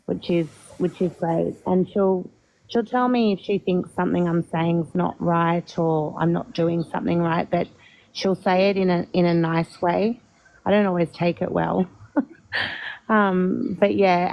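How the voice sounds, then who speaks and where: A woman's voice: lowish voice, gravelly, darkish tone, poor audio. A woman in a casual group podcast chat, speaking candidly and laughing at herself. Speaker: podcast guest.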